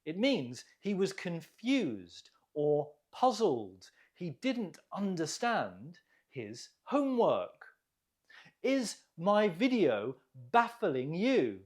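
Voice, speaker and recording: An English teacher giving an online vocabulary lesson, enunciating each word with care, pausing for learners to repeat and praising them warmly. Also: medium pitch, big pitch swings. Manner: deliberate, clearly enunciated, drills pronunciation with pauses for repeating; encouraging, gently praises learners.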